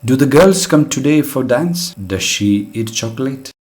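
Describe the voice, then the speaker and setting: A man's voice: mid-range voice, animated, unhurried. A man teaching an English grammar lesson, explaining rules patiently and step by step with plenty of example sentences.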